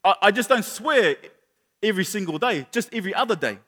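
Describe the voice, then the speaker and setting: High-voiced New man preaching. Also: brisk, big-room sound. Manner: animated storytelling with acted-out quotes and repeated words. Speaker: pastor. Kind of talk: sermon.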